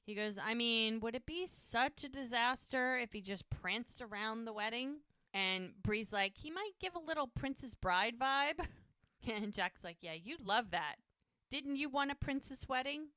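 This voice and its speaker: A woman's voice: a little high, expressive, a little slow, sharp tone, no room sound, clean studio sound. A woman co-hosting a podcast, retelling TV scenes in casual chat and quoting the characters' lines. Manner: retells scenes with quoted dialogue. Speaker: podcast co-host.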